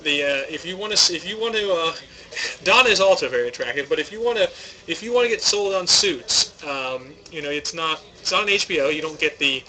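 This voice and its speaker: A man's voice: fairly high pitch, lively intonation, fairly quick, pushed and bright, low-quality recording. A young man commentating a card tournament stream, joking and rambling in casual chat. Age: young adult. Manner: joking, rambling, self-deprecating.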